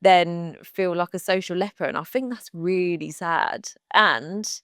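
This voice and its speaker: A woman in her thirties co-hosting a podcast, speaking frankly and with heartfelt conviction. Her voice sits a little low and is recorded dry and close. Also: measured pace, no echo. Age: 30s. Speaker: podcast co-host. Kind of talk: casual chat.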